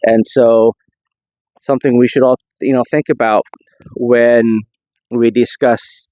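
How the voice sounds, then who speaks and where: A man's voice: medium pitch, flat delivery, slow pace, warm tone, no room sound, low-quality recording. A man casually explaining history inside an old church, rambling with frequent restarts. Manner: loose, rambling delivery with many restarts. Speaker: history vlogger.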